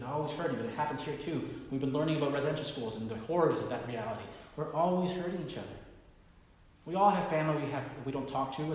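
Male pastor, mid-pitched voice, dramatic sermon storyteller in a booming reverberant hall. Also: slight background noise. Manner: dramatic storyteller, swings from hushed to loud bursts.

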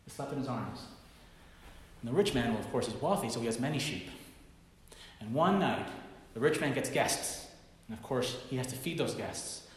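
A pastor preaching a sermon, telling a story dramatically and swinging from hushed tones to loud bursts. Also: male voice, mid-range voice, expressive, normal speed. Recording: very echoey hall reverb.

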